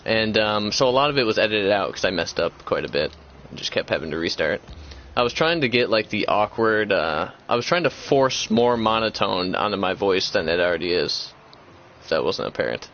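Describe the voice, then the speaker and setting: A man's voice: lowish voice, lively intonation, fairly quick, a bit bright, slight background noise. A young man hosting a gaming channel, chatting casually and rambling with lots of fillers and restarts. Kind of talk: casual chat. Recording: dull lo-fi sound.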